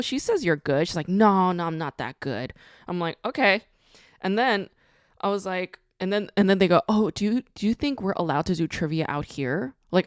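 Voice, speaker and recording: A woman hosts a podcast in a casual monologue, ranting bluntly and swearing freely. Her voice is lowish with a clean tone, recorded in a clean studio with no echo.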